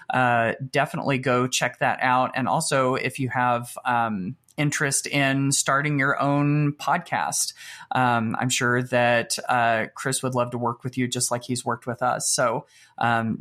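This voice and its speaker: A man co-hosting a podcast in relaxed casual chat, with many fillers and restarts. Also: medium pitch. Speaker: podcast co-host.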